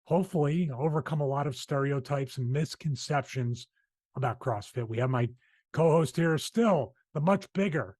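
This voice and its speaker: A man's voice: medium pitch, moderate pace, darkish tone, no room sound, studio quality. A man with a Philadelphia accent hosting a fitness podcast, chatting casually in a rambling, self-deprecating way. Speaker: podcast host. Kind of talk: casual chat.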